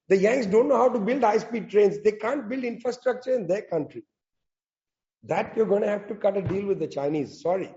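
A man's voice: high voice, dark tone, muffled recording. A man giving an impassioned political talk, emphatic with sarcastic asides. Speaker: speaker at a public talk. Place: in South Africa.

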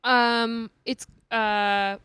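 A woman's voice: a little high, little pitch movement, drawn-out words, a bit bright, clean tone, no echo. A woman in her early twenties, a podcast guest telling a story in casual chat, hesitant and full of fillers. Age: 20s.

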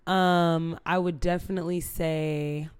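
A woman's voice: low voice, flat delivery, a little slow, darkish tone, clean tone. A young woman co-hosting a podcast in casual chat, blunt and playful, swearing freely. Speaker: podcast co-host.

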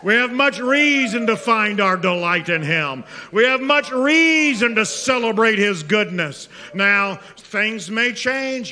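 A man preaching a sermon as pastor, moving between hushed, intimate prayer and loud, impassioned exhortation. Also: sits high, a little hiss or hum. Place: church sanctuary. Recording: long reverb of a large hall.

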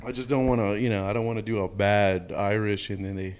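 A man's voice: fairly low pitch, fairly even intonation, fast talker, darkish tone, smooth. A Canadian man with a Canadian accent, chatting on a podcast in a laid-back, rambling way, often laughing. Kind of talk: casual chat with joke accents.

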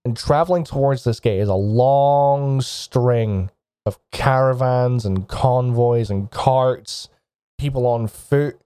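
A man's voice: mid-range voice, mellow, no room sound, studio quality. A man narrating as game master of a tabletop game, describing scenes to the players in second person.

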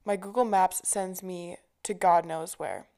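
A woman's voice: fairly low pitch, steady tone, measured pace, mellow. A young adult woman telling stories in a casual chat, swearing freely and filling her talk with "like". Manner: chatty storyteller, swears freely, many fillers. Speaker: vlogger.

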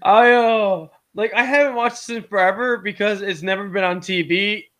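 A man with a high voice chats loosely about a film, rambling between thoughts and laughing often. He swears freely and breaks into mocking impressions. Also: fairly even intonation, moderate pace, fairly bright tone. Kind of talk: casual movie review chat.

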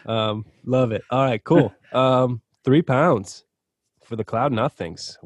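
A man's voice: mid-range voice, takes it slowly, dry recording. A man hosting a casual music chat over a video call, running the rounds with playful, teasing banter. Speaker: segment host.

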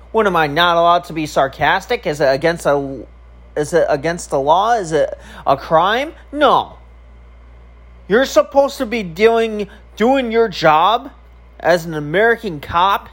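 A man's voice: high-pitched, expressive, a little slow, a bit bright. A man streaming and vlogging, talking casually to camera in a rambling, profane way with many filler ums.

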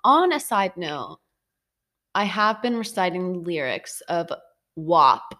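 Playful young woman with a low, lively voice. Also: slow pace. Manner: playful and teasing. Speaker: podcast co-host. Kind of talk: casual chat.

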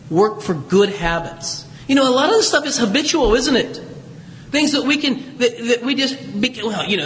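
A man's voice: extremely high pitch, animated, brisk, fairly bright tone, slight background noise. An older man, a priest, giving a conversational, folksy homily with asides and chuckles in a church. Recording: reverberant church from a distance.

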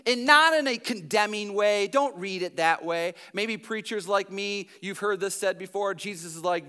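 A high-pitched man with a bright, forceful tone preaches a sermon in a church. His delivery swings between loud emphasis and hushed, slowed passages. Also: clean tone. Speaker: pastor.

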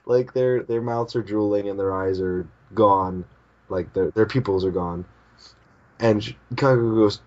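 A man's voice: on the low side, a little slow, muffled recording. A man co-hosting a podcast in casual chat, reading out manga panels and putting on the characters' lines with bursts of laughter. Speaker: podcast co-host.

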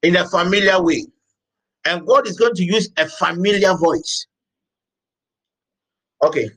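A man preaching a sermon as pastor, emphatic, repeating phrases and shouting out words now and then. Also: high-pitched, rough recording.

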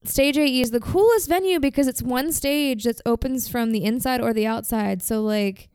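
A woman's voice: a little high, moderate pace, darkish tone, clean tone, no room sound. A young woman co-hosting a podcast, chatting casually and telling stories with lots of filler words. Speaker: podcast co-host. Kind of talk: casual chat.

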